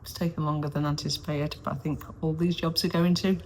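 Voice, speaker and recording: A woman's voice: low voice, level tone, quick pace, darkish tone. A woman, chatting casually and self-deprecatingly to her own camera while doing DIY in a caravan, rambling and losing her train of thought. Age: 40s. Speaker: vlogger. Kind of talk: casual solo vlog chat. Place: small caravan interior under renovation, windy day. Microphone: self-filmed camera on a stabilizer, sometimes far off. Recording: echoey small room, faint wind noise.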